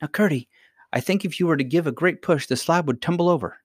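A man's voice: fairly high pitch, fast, husky, no room sound, studio quality, pitched above the performer's own voice. A man voicing a brave, determined young princess girl with an eager tone in a storybook reading. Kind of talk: audiobook character voice.

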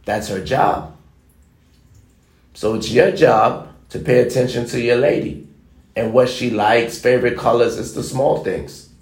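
A man's voice: mid-range voice, a little slow, darkish tone. A man preaching life advice straight to the camera in a blunt, emphatic way, driving his points home by repeating them. His voice sits in a mid range, and a roomy echo surrounds it. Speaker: motivational vlogger.

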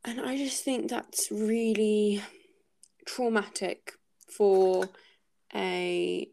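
Gravelly-voiced woman musing over a book. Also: medium pitch, fairly even intonation, drawn-out words, mellow. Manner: hesitant, thinking aloud with many fillers. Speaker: book podcast host. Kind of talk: casual book discussion.

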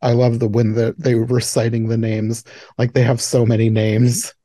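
A man's voice: medium pitch, completely flat delivery, normal speed, dark tone, dry recording. A man hosting a podcast, chatting casually about a movie with many fillers and frequent laughs. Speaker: podcast host. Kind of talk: casual chat.

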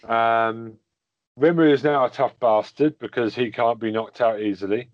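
Male podcast co-host, casual and halting, dry dull recording. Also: mid-range voice, fairly even intonation, no room sound. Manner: hesitant, many ums. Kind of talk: casual chat.

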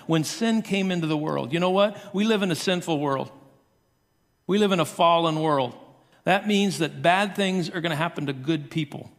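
A man preaching a sermon, telling the story in an animated way and acting out the voices of the characters. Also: a little high, long reverb tail. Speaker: pastor.

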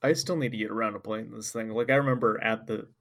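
A man's voice: lowish voice, steady tone, quick pace, a bit bright. A man in casual conversation, making wry jokes and laughing along. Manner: joking, wry asides, laughs. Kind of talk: casual chat.

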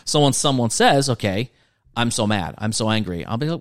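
A man co-hosting a casual faith podcast, explaining thoughtfully and asking gentle, probing counseling questions, at times poking fun at himself. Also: mid-range voice, animated, brisk, dry recording, studio quality.

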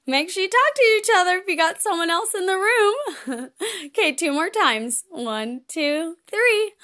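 A woman hosts a children's program, speaking to young kids in a playful, gently encouraging way. Her voice sits high and bright, and she takes her time with every phrase. She giggles easily between her words. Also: animated, slow. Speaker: children's show host.

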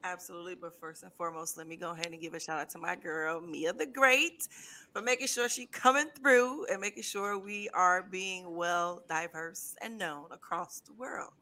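Bright, chatty woman podcast host. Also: on the low side, steady tone. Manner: laughing, chatty, quick bursts. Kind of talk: casual podcast chat.

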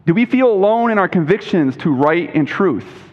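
A man's voice: a little high, lively intonation, normal speed, hardly any pauses. A man preaching a sermon as a pastor, emphatic, quoting scripture with a rising voice and asking the congregation questions. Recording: dull lo-fi recording with long hall reverb.

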